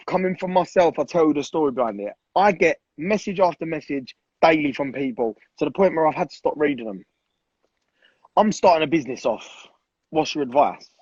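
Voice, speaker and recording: A man's voice: a little high, darkish tone, husky, dry recording, dull audio. A man in his twenties, talking bluntly in a casual chat, swearing a lot and repeating himself for emphasis. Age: 20s. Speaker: guest.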